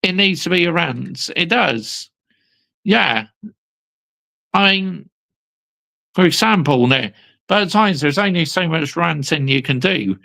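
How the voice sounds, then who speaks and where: A man's voice: on the high side, animated, takes it slowly, creaky, pauses often, bright, forceful tone. A young British man hosting a livestream, ranting as a fan and repeatedly calling viewers "people" and "mate". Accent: British English. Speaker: livestream host.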